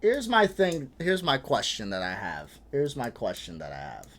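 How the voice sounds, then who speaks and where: Animated, exasperated man reacting to clips. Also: medium pitch, moderate pace, slight background noise. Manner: frustrated, swearing, animated, laughs in between. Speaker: reaction video host. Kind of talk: casual reaction commentary.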